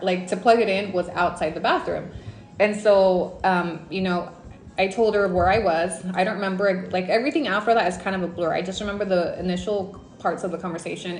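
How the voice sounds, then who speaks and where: A woman from Mexico telling a personal story in a casual, animated livestream storytime, dropping in Spanish words. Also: medium pitch, echoey room. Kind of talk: casual storytime on a live stream.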